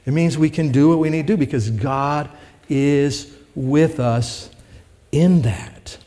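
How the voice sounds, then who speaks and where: A man's voice: a little high, slow, mellow. A man preaching a sermon to his congregation, conversational and rising to emphatic peaks. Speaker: pastor. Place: church sanctuary with congregation. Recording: long hall reverb.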